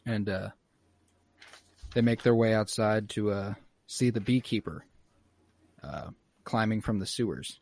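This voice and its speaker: A man in casual chat, recapping a TV episode with swearing and animated quoted voices. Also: fairly low pitch.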